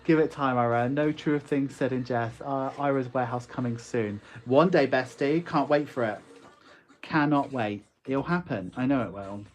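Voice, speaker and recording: A man's voice: medium pitch, moderate pace. Chatty West Country man streaming live. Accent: West Country English. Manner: chatty, reads viewer comments aloud, laughs often. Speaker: online shop owner streaming live. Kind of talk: casual live-stream chat.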